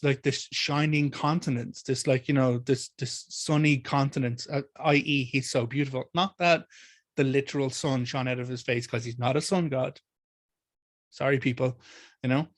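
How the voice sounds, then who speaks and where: A man with an Irish accent, teaching mythology in an animated, discursive Q&A talk, full of restarts and asides. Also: medium pitch, no room sound. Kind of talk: community Q&A talk.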